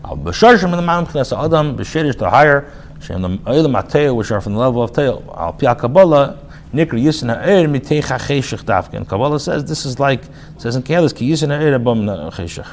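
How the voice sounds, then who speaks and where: A rabbi giving a casual spoken class, reading phrases aloud and then explaining them in plain talk, with restarts and fillers. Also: male voice, medium pitch, lively intonation, fast, a little hiss or hum. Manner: reads Hebrew phrases then paraphrases them in English; frequent restarts and filler, conversational. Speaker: rabbi teaching a text class.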